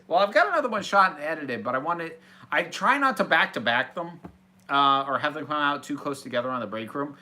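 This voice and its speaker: A man's voice: on the high side, sing-song, normal speed, pushed and bright. A man hosting a casual Q&A, reading out viewer questions from a small office and answering them in a chatty, hesitant way with restarts. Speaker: host.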